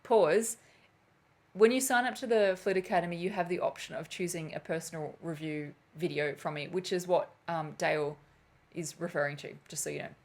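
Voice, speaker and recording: A woman teaching flute in a live stream, talking in a loose, chatty way. Her voice sits a little low for a woman, and she laughs at her own slips as she works through viewers' questions. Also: normal speed. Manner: chatty, laughs at herself, loses her train of thought. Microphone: camera mic on a live stream.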